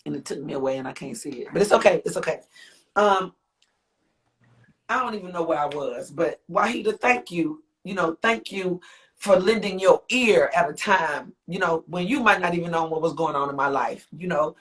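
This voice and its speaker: This singer and author speaks at normal speed in a fairly low voice. As a guest in an emotional livestream interview, she rambles with heartfelt feeling, repeating herself and exclaiming often.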